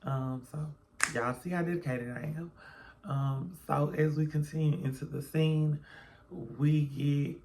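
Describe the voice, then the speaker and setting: A man's voice: a little high, fairly even intonation, unhurried, creaky. A man recapping a reality TV episode in a chatty way, calling viewers y'all and baby, sleepy and yawning at home in the early morning. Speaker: reality TV reviewer. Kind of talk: casual recap vlog.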